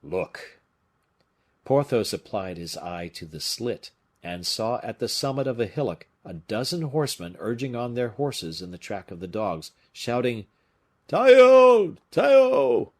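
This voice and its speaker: A man narrating an adventure novel as an audiobook in an expressive storytelling manner. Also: lowish voice, moderate pace, hardly any pauses.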